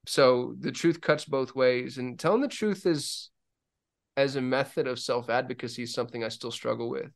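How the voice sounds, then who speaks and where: A man in casual conversation as a podcast guest, speaking frankly about his own experience. His voice sits in an ordinary middle pitch and livens up when he acts out other people's lines. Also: moderate pace, vocal fry. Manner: candid, animated when telling stories, voices other people.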